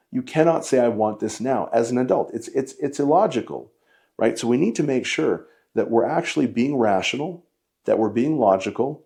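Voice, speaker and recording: A man's voice: mid-range voice, warm tone. A man giving a coaching lesson on dieting and training, talking bluntly and emphatically to his viewers. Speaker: fitness coach. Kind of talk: direct-to-camera coaching lesson.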